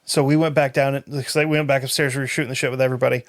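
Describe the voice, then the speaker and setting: A man's voice: medium pitch, flat delivery, rapid-fire. A man in casual podcast chat, telling a story bluntly and swearing freely. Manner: blunt and profane.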